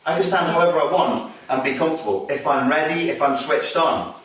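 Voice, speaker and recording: A man's voice: a little high, lively intonation, brisk, fairly bright tone, very echoey, recorded from a distance, rough recording. A man teaching self-defence, talking bluntly and with swearing, acting out tense bar and door scenes. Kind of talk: instructional talk with acted examples.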